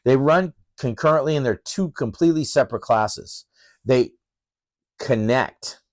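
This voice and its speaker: In a course introduction lecture, a middle-aged professor speaks bluntly and emphatically, fired up like a coach driving his students. His pitch is an everyday middle range and his pace measured. The audio is dry and close-miked, free of room echo.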